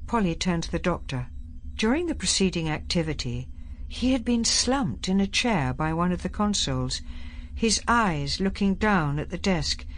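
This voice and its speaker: A woman narrating an audiobook with an expressive, varied reading. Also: fairly low pitch, a little hiss or hum.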